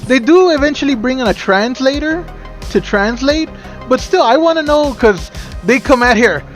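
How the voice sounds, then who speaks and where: A man co-hosting a podcast, recounting a film's scenes in casual chat, animated and swearing freely. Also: very high-pitched, normal speed, faint music behind. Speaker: podcast co-host.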